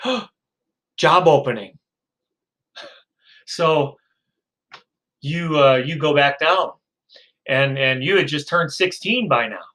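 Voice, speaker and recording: A man's voice: fairly high pitch, fairly bright tone, poor audio. A male lecturer telling a story to his class, acting out the characters in quotes, with frequent fillers and restarts. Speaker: psychology lecturer.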